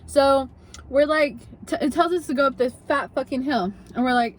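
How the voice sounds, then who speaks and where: High-voiced young woman telling a storytime. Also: moderate pace, slight background noise. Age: young adult. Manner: chatty, profane, animated, heavy use of like. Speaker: vlogger. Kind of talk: casual storytime vlog.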